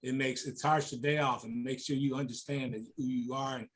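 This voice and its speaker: A man's voice: medium pitch, fairly even intonation, a little fast, rough recording. A man leading a youth workshop, coaching the group with encouraging call-and-response. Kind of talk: motivational workshop talk. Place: conference room. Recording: loud background noise.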